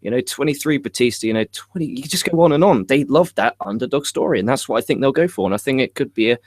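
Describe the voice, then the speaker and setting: A man co-hosting a casual wrestling preview podcast, laying out his predictions in a measured way. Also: medium pitch, animated, darkish tone, no room sound.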